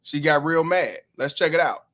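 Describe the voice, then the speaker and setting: A man's voice: on the high side, a bit bright. A man hosting a livestream, commenting on a clip in profane slang and reading out viewer donations. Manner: profane, drawn-out, preachy slang. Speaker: host.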